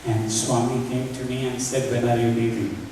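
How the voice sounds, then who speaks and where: A man speaks at medium pitch with a level, dark tone and normal speed. He gives a devotional talk, earnestly sharing personal stories and acting out remembered conversations. He's recorded from far off in a large, echoey hall, with faint hiss.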